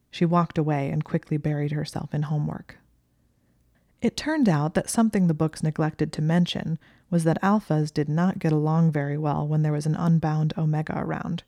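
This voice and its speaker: Low-voiced woman reading a story. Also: vocal fry, mellow, no echo, studio quality. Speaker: audiobook narrator. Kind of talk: reading fan fiction aloud.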